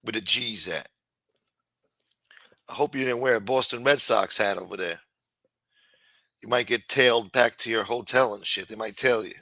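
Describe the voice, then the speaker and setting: A man's voice: on the low side, normal speed, long pauses, bright, forceful tone, no echo. A man hosting a live-stream show, chatting casually and reading out viewer comments in a profane, rambling way.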